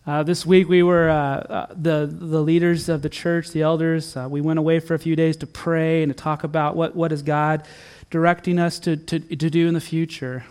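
A middle-aged man preaching a sermon in church, earnest, rising to emphatic peaks and then dropping soft and low. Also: little pitch movement, normal speed, few pauses, smooth. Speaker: pastor.

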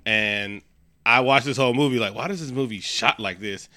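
A man co-hosting a casual movie review chat, retelling scenes in animated quoted voices. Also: mid-range voice, moderate pace. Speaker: podcast co-host.

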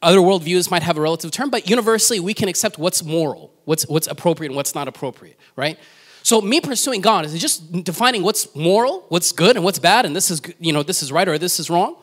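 A man's voice: sits high, lively intonation, quick pace, a bit bright. A man preaching a sermon in a conversational way, asking the congregation questions and telling personal stories with self-deprecating humor.

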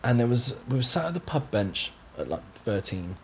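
A young man with a light Somerset accent talks in a mid-pitched voice. He chats easily as a guest, telling stories in a relaxed, good-humoured way. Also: a little hiss or hum. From Somerset, England. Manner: chatty, storytelling, quick to laugh. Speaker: guest musician. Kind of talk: casual podcast chat.

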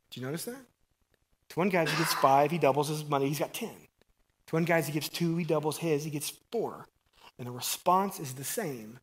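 A middle-aged man preaching a conversational, energetic sermon, loud on emphasis and hushed on asides. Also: a little high, a little fast.

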